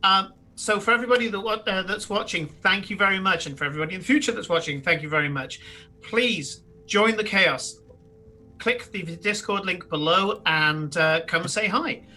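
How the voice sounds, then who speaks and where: A man running a tabletop game stream, his voice very bright and a little high for a man. He rambles through thanks and plans, full of ums and restarts. Faint music plays under him. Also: moderate pace. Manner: rambling, lots of fillers and restarts. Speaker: game master. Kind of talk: live-streamed tabletop game, narrating and chatting.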